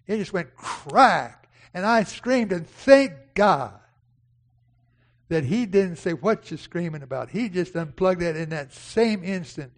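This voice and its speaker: Gravelly older man preaching a folksy sermon. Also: a little high, darkish tone. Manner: folksy storytelling, addresses congregation by name. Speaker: pastor.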